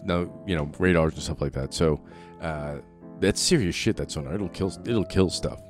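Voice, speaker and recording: A man's voice: low voice, moderate pace, soft background music. A man co-hosting a podcast in casual chat, rambling and profane and laughing often. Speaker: podcast co-host.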